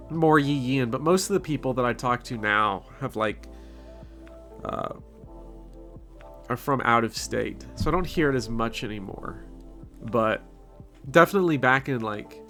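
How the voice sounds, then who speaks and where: A young Southern man from Kentucky, his accent filed down but still there, rambles through viewer questions in a loose, joking way. His voice is bright and forward, and a faint bed of music plays under him. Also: medium pitch. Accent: Kentucky Southern, softened. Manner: rambling, self-mocking, blunt. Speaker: channel host. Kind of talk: casual Q&A chat.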